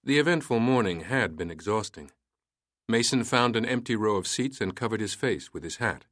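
A man reading a story aloud in a measured, steady way. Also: fairly low pitch, dry recording, studio quality. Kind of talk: storytelling narration.

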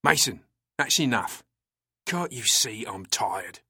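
A man's voice: mid-range voice, very animated, moderate pace, fairly bright tone, dry recording, clean studio sound, voice pushed up. A man voicing a stern, clipped English police officer in a read-aloud story. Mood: irritable. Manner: clipped, commanding, irritable.

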